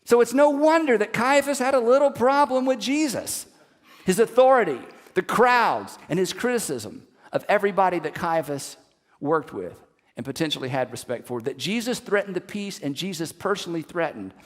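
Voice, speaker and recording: A man preaching a sermon as a pastor, telling the story in an animated way with emphatic repetition. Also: sits high, moderate pace, big-room sound.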